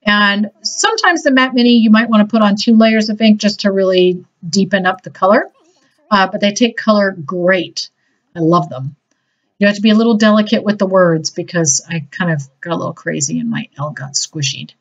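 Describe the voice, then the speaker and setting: In slightly dull lo-fi audio, a crafting demonstrator talks her way through a casual tutorial with enthusiasm and a bit of self-deprecation. She has a mid-range voice and speaks at a normal pace.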